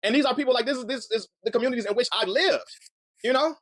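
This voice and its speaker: Fast-talking man, heated commentary. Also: extremely high pitch, a bit bright, no room sound. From Chicago. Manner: heated, earnest, repeats words as he builds a point. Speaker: commentary channel host. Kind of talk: reaction commentary.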